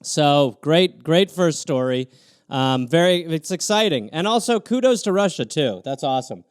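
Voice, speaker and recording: A man with a fairly high voice riffs alone on viewer prompts, sarcastic and animated. The sound is dry and close, with no room around him. He jumps between rants and quick mock asides. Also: clear, resonant tone, no echo. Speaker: comedian host riffing on viewer prompts. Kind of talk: solo improvised comedy riff on a livestream.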